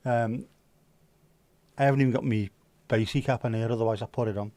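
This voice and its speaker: A man's voice: mid-range voice, steady tone, brisk, warm tone, dry recording. Jokey, sweary man hosting. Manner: jokey, sweary and self-mocking. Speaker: livestream host. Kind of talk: casual chat reading viewer comments.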